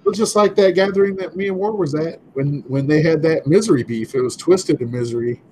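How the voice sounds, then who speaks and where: A man co-hosting a podcast, chatting casually and telling stories with lively acted-out quotes. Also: on the high side, a little fast, slight background noise, low-quality recording. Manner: animated storytelling, acts out quotes. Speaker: podcast co-host. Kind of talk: casual chat.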